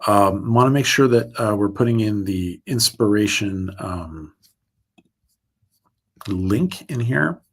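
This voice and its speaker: A man's voice: on the low side, expressive, slow pace, pauses often, breathy edge. Chatty man hosting a livestream. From United States. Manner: rambling, restarts often, chatty and upbeat. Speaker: livestream host. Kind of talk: casual livestream chat reading viewer comments.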